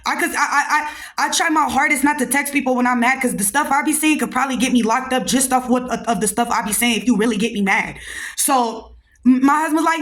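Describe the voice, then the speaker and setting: A young woman hosting a podcast, telling a story in a casual, animated and slangy way and talking straight to her listeners. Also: sits high, fairly quick. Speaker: podcast host.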